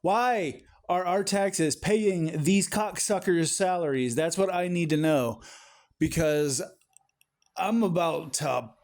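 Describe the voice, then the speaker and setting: Male political ranter, slightly high voice, furious and profane. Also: takes it slowly, darkish tone. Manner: profane, exasperated, ranting. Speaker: political commentator. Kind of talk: angry political rant.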